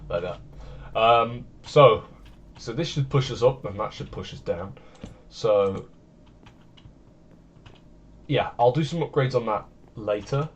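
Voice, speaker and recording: A man's voice: medium pitch, highs cut off. A man streaming a building game, rambling along in easygoing, self-deprecating chat at his computer. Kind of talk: casual gameplay commentary.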